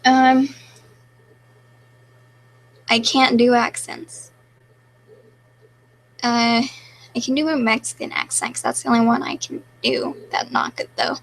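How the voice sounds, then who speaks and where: A woman's voice: on the high side, steady tone, takes it slowly, long pauses, a little hiss or hum, poor audio. A young woman casually chatting on a live stream, reading viewer questions aloud and answering them offhandedly.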